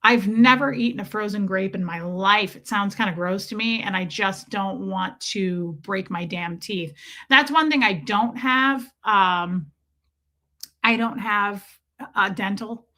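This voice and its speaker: A woman's voice: mid-range voice, a little slow, bright, forceful tone. A woman live streamer chatting casually with her viewers, telling rambling, self-mocking stories.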